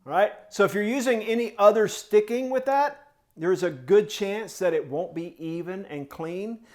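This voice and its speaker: A male snare drum teacher with a voice pitched a little above the usual for a man. He walks students through the music beat by beat, scatting the rhythms and counting them in with an encouraging, coaching manner. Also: normal speed, a little mellow, slight background noise. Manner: sings drum rhythms in syllables and counts off tempos. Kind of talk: step-by-step music tutorial.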